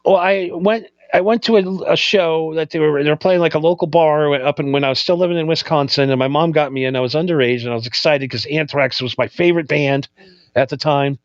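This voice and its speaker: A man's voice: on the high side, fairly quick, no room sound. Profane, heated man telling a story. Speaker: podcast co-host. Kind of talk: casual chat. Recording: dull lo-fi sound, dry.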